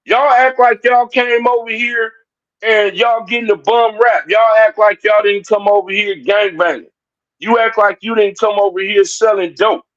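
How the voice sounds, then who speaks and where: A man's voice: high-pitched, fairly even intonation, normal speed, a bit bright. A man giving a heated, confrontational livestream rant, talking straight at his chat and repeating his points. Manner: confrontational, repetitive, addresses chat directly. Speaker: livestream commentator. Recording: dull lo-fi stream audio.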